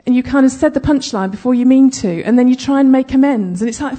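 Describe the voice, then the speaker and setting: Husky, warm-toned woman teaching. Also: high-pitched, animated, a little fast, hardly any pauses. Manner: chatty, self-deprecating asides, checks in with listeners. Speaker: Bible teacher. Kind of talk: conversational Bible teaching.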